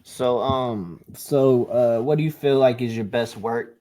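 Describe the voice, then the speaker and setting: A man's voice: mid-range voice, unhurried, warm tone. A man hosting a casual podcast interview, giving brief easygoing prompts with fillers. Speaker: podcast host.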